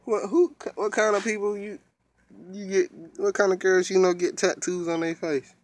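A man's voice: high voice, flat delivery, moderate pace. A man in his twenties chatting casually with a child on a vlog, playfully egging her on and echoing her answers. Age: 20s. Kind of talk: casual chat.

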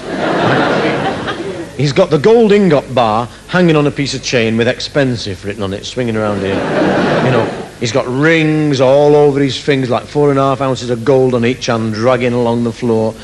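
A man's voice: medium pitch, background noise. A man doing stand-up comedy on a theatre stage, rambling through a story and laughing at his own jokes.

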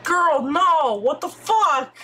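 A woman streamer giving excitable let's-play commentary, squealing and swearing as she reacts. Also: high voice, slow, a little hiss or hum.

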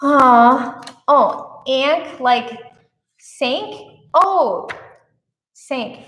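Chatty high-voiced woman in an echoey room. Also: lively intonation, normal speed. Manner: chatty and rambling, goes off on tangents; reacts warmly to viewer comments. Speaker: art channel host. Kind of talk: casual live-stream chat.

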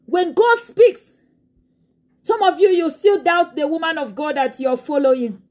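A woman pastor preaching in an impassioned way, swinging into tearful shouting. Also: sits high, unhurried. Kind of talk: sermon.

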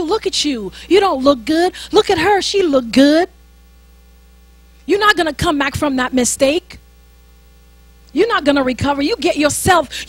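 A woman's voice: high-pitched, no echo. A woman voicing a sneering accusing spirit. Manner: mocking, repetitive taunts.

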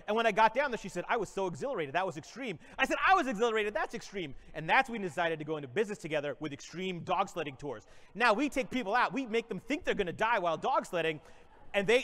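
A man with a high voice rattles off an improvised comic motivational story at a brisk clip. He is a playful keynote speaker in his forties. His voice rings out with the long reverb of a large conference hall. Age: 40s. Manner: energetic, playful storyteller who often breaks into laughter.

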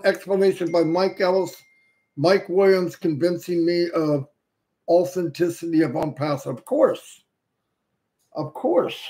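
A man's voice: high voice, creaky. A man hosting a casual livestream, reading out viewers' names one by one and welcoming them, now and then tripping over a name. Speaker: livestream host. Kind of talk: casual livestream shout-outs. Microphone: headset.

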